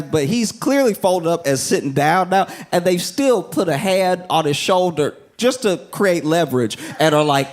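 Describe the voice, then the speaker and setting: A man performing a stand-up comedy set, telling a story with animated delivery and bursting into shrill shouted voices for the people in it, audience laughter behind him. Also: slight background noise.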